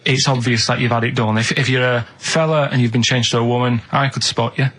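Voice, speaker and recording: A man's voice: mid-range voice, steady tone, a little fast, fairly bright tone. A man on a radio show in a studio, telling rambling anecdotes and checking in with the listener by tagging "right?" onto his lines. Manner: rambling anecdotes with tag questions. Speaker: regular radio show contributor. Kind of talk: casual studio banter.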